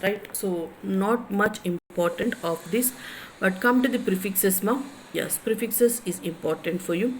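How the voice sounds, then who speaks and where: A woman with a Telugu accent gives a classroom lecture at a slow, patient pace. She stretches out words and repeats them again and again. A faint hiss of noise sits behind her voice. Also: mid-range voice, poor audio. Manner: slow, repetitive, drawn-out words. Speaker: college English lecturer.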